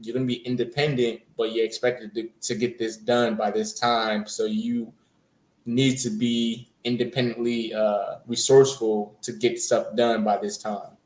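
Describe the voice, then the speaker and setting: A man's voice: medium pitch, level tone, measured pace, a little mellow, roomy sound. A man, a bootcamp graduate, talking casually in an interview over a video call, with lots of fillers and restarts. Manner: hesitant, many fillers and restarts.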